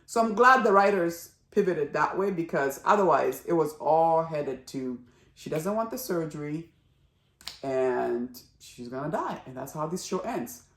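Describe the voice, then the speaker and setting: A woman giving a casual spoken review of a drama series, chatty and animated, acting out characters' lines as she goes. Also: sits low, measured pace, echoey room.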